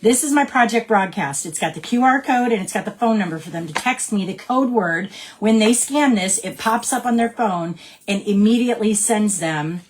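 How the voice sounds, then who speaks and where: A woman's voice: medium pitch, animated, normal speed. A woman, a direct sales team leader giving her team an upbeat, chatty training talk. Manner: upbeat and chatty, keeps checking in with "right?".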